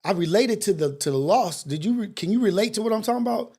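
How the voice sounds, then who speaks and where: A man's voice: sits high, expressive, fast talker, dark tone, husky. A man hosting a talk show, delivering a preachy monologue with street slang and repeated rhetorical questions. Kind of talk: impassioned monologue.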